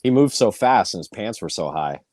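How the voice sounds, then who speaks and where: Low but lively joking man. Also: fairly quick, no echo. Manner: joking, playful asides. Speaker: podcast co-host. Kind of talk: casual chat.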